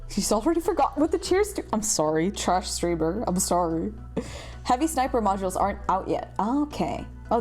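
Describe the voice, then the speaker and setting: A young woman streamer chatting casually with her viewers, with a self-deprecating, animated manner. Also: mid-range voice. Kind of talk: casual livestream chat.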